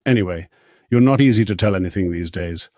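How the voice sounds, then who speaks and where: A man's voice: deep voice, fairly quick, warm tone, dry recording, studio quality, lightly acted. A man voicing Pan, an earnest young daemon. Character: Pan, a young male daemon, hurt and defensive.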